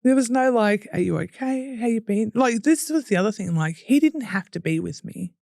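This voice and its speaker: A young Australian woman, appearing as a podcast guest, shares her hard story bluntly and with swearing, laughing through painful memories and acting out what people told her. Her voice sits on the high side and is expressive, gravelly and mellow, at a moderate pace. The studio-quality recording has no echo.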